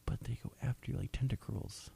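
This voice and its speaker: A young man co-hosting a casual, rambling talk show, playful and quick to laugh. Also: warm tone, slight background noise. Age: young adult. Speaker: co-host. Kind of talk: casual chat.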